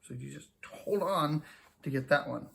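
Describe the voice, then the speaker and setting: Chatty man with a high voice. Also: moderate pace, vocal fry, fairly bright tone. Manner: chatty and self-mocking, lots of fillers. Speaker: reseller and vlogger. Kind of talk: casual chat to camera.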